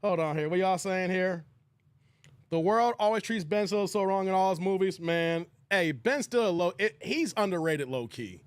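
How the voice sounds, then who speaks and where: A man's voice: high voice, moderate pace, clear, resonant tone, dry recording. A young man hosting a casual live stream, laughing and talking in loose slang with his chat. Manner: laughing hard, animated, slangy.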